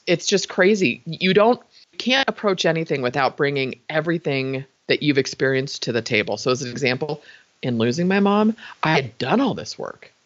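A woman's voice: low-pitched, a bit bright, no room sound. Chatty middle-aged woman, lo-fi dry sound. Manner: chatty and heartfelt, laughs often. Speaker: podcast guest. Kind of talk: casual interview talk. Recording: slightly dull, lo-fi dry recording.

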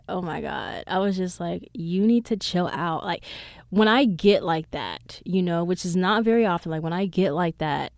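A woman's voice: dry recording, clean studio sound. A young woman hosting her own podcast, chatting casually and rambling with lots of "like" and "um". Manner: animated, jumps up in pitch when retelling reactions. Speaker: podcast host. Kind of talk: casual solo podcast chat.

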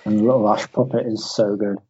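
A man's voice: fairly low pitch, steady tone, fast talker, warm tone, a little hiss or hum. A man co-hosting a podcast, chatting enthusiastically about films with stumbling repeats. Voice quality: husky. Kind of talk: casual chat about films and games. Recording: dull lo-fi recording.

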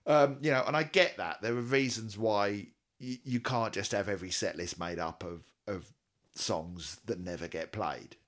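A man's voice: lowish voice, normal speed, fairly bright tone. A man co-hosting a casual chat, enthusiastic, reeling off statistics and laughing often. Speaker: podcast co-host.

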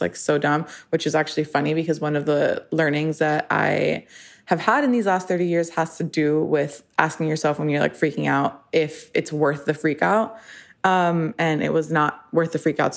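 A woman of thirty talks straight to her podcast listeners in a relaxed, rambling way, with "like" and "you know" running through her sentences. Her voice sits a little low for a woman. She pokes fun at herself as she goes. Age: 30s. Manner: chatty, filler-heavy, self-deprecating. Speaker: podcast host. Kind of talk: casual solo podcast monologue.

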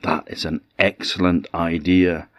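A man's voice: deep voice, little pitch movement, measured pace, fairly bright tone, dry recording. Man playing a cheerful simple old husband. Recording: dull dry lo-fi recording.

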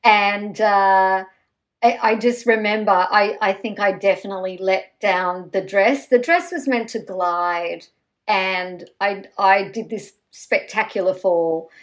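A woman guest on a podcast, telling stories in an animated, self-mocking way. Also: mid-range voice, slow pace. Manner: lively, self-mocking storyteller.

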